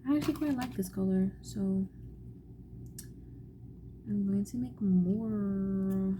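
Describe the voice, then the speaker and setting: A young woman vlogging casually as she paints at home, musing softly and often half-whispering to herself. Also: mid-range voice, slow pace, a little hiss or hum, low-quality recording. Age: young adult. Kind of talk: casual chat while painting.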